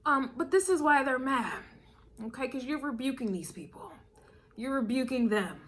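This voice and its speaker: A tarot and astrology reader gives a casual spiritual tarot reading in a high-pitched, animated voice at normal speed. She's emphatic and repeats phrases, chuckling often and calling the listener "baby."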